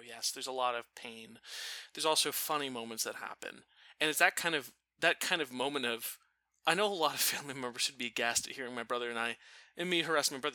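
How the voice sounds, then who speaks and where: A man casually telling a funny family story, animated and profane, laughing now and then. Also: mid-range voice, no room sound. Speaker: storyteller guest.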